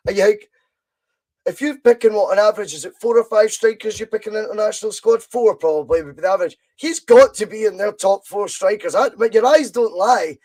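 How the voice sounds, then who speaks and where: A Scottish man with a fairly high voice hosts a casual football podcast. He talks in an animated, opinionated way, pressing his points with real emphasis. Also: fairly quick. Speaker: podcast host.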